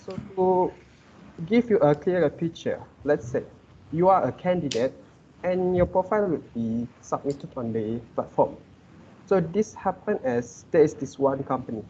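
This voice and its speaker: A young man from Malaysia presents a student project on a video call. His voice sits a little high and he explains step by step with a few filler words. The audio is dull and lo-fi with faint background noise. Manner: explanatory, steady, slightly hesitant with fillers.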